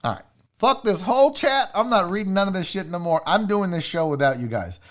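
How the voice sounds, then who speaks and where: A man's voice: sits high, animated, quick pace. A man hosting a live comedy stream, ranting with profanity and disbelief while reading the chat aloud. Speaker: live show host.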